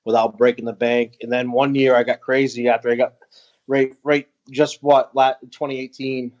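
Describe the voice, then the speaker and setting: A man, a veteran, telling a personal story as an interview guest, earnest and halting, with frequent pauses and restarts. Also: medium pitch, little pitch movement, a little mellow, dull audio. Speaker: guest, veteran who runs an outdoor organization for veterans.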